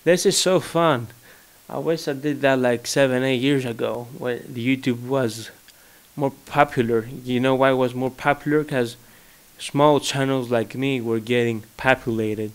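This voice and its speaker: Slow-talking young Greek-accented man. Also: mid-range voice, fairly even intonation, clear, resonant tone. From Greece. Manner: rambling, joking, searches for words. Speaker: vlogger. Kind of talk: casual solo monologue. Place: his home.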